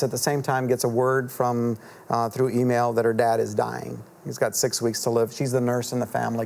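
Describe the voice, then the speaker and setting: Earnest gravelly middle-aged man. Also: mid-range voice, steady tone, a little mellow, slight background noise. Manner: earnest, halting, with many fillers and restarts. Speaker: author guest. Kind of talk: reflective storytelling in a TV interview. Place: TV studio.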